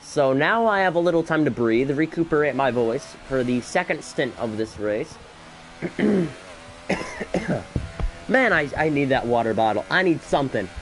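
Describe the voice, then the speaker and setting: A man doing solo live commentary on an esports race, excitable and a bit out of breath, with chatty asides between the action. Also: mid-range voice, normal speed, pauses often, soft background music. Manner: excitable, rising to shouts in battles, chatty asides.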